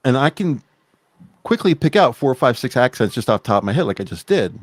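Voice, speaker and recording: A man's voice: medium pitch, big pitch swings, a little fast, dry recording. A man co-hosting a podcast in casual chat, rambling and blunt, swearing freely. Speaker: podcast co-host.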